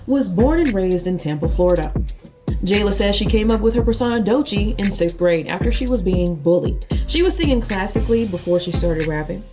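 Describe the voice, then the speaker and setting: A woman's voice: medium pitch, lively intonation, a little fast. A woman talking as a YouTube music commentator, casual and chatty with playful, sarcastic asides. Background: background music.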